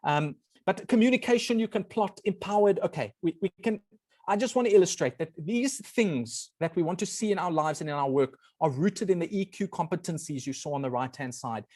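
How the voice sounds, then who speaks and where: A man's voice: sits high, fairly quick, dry recording, studio quality. A man giving an earnest talk as a guest speaker, explaining ideas step by step. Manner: earnest, animated, often apologizes. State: briefly emotional. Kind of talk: presenting a talk on a video call.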